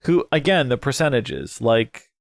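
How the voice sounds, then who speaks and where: A young man casually narrating his way through a story game, thinking out loud, excitable and prone to swearing. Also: mid-range voice, a little slow, creaky. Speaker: game let's player. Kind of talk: casual gameplay commentary.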